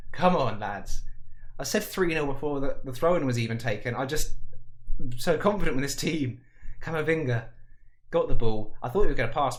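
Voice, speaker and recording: A man commenting on a football video game, chatty and jokey, building to excited shouts at goals, his voice cracking. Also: medium pitch.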